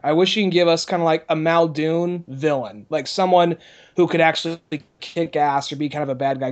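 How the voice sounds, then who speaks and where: A man co-hosting a podcast, chatting casually about a movie, rambling, swearing and laughing often. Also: a little high. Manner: rambling, profane, laughs often, restarts a lot. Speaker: podcast co-host.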